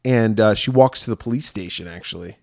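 A man co-hosting a podcast, casually recapping a film and acting out characters in high falsetto voices. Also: fairly quick, a little mellow, no room sound, clean studio sound. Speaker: podcast co-host.

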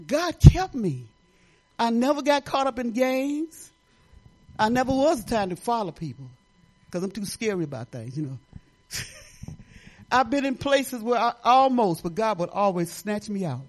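An older woman pastor from Detroit giving a folksy, animated sermon, talking straight to the congregation with laughing asides. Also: a little high, a little slow, long pauses. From Detroit, Michigan.

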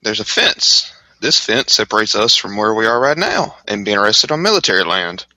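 A man's voice: on the low side, lively intonation, normal speed, bright, forceful tone, no echo, low-quality recording. A man reading the part of a wary, sarcastic teenage boy leader at a script table read. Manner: dry, sarcastic.

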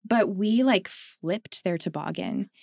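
A woman's voice: mid-range voice, takes it slowly, vocal fry, no echo, studio quality. A woman from Canada co-hosting a podcast, telling a story in a casual, reflective way, with lots of "like" and frequent laughter. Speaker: podcast co-host.

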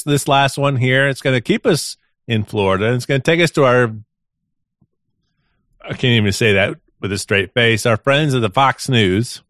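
A man's voice: medium pitch, fairly bright tone, no echo, studio quality. A man co-hosting a podcast, reading news stories aloud in a casual, amused way with frequent chuckles. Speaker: podcast co-host.

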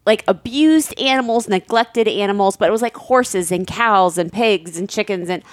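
A woman's voice: medium pitch, normal speed, no room sound, studio quality. A woman in her thirties co-hosting a podcast, telling a family story with animation and frequent laughter. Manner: animated, laughs often, acts out quoted lines. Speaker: podcast co-host. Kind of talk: casual chat, storytelling.

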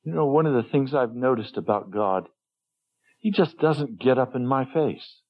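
A man preaching a sermon in an earnest, emotional way, his voice often dropping low and soft. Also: expressive, moderate pace. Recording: muffled lo-fi sermon recording.

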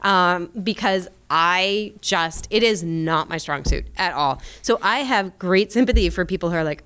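Smooth-voiced animated woman. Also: medium pitch, moderate pace, few pauses. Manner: animated, self-deprecating, laughs often. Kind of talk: casual chat.

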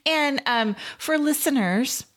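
A woman's voice: sits high, slow pace, fairly bright tone. A woman co-hosting a podcast, chatting casually and gushing, often saying "like". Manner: casual, gushing, uses "like" a lot. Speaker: podcast co-host.

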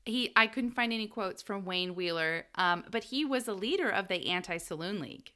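A woman co-hosting a casual history podcast, her voice bright and clear-edged. She tells the story in an animated, loose way. She laughs often and drops a swear word here and there. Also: mid-range voice, normal speed. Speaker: podcast co-host.

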